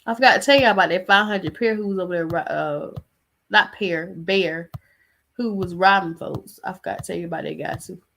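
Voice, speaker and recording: A woman's voice: fairly low pitch, a little fast, gravelly, fairly bright tone, slight background noise. A woman hosting a casual gossip talk show, chatty and rambling as she searches for things while talking. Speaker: podcast host.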